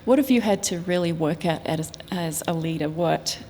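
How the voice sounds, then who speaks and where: A woman's voice: on the low side, moderate pace, dark tone, in a large hall. A woman interviewer asking brief questions on stage. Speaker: interviewer, managing editor.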